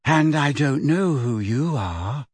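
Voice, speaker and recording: Narrator voices a dreamy, odd storybook schoolgirl: slow, sing-song, softer and lower than his narration. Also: no room sound.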